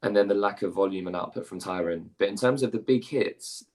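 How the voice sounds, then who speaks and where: A British man giving measured, hedging analysis in a casual chat. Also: fairly low pitch, a little mellow.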